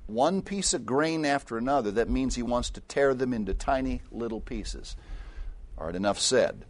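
Older preacher with a lively, swinging delivery. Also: male voice, moderate pace. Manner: storytelling, swings from low asides to loud emphatic peaks. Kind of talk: sermon.

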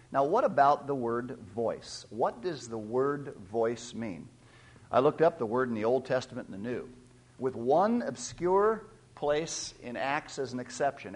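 Animated man preaching a sermon. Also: medium pitch. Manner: emphatic preaching that swells loud on key points; teacherly, asks the listeners questions. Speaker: pastor.

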